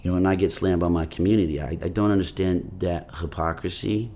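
A man talking as an actor guest in a casual interview, rambling with many "you know" fillers and animated storytelling. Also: low voice, fairly quick, slight background noise. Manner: animated storytelling, voices his grandfather.

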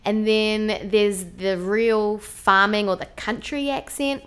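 A woman with a New Zealand accent talks casually as an interview guest. She is lively and laughs often between thoughts. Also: medium pitch, takes it slowly, few pauses, clear, resonant tone.

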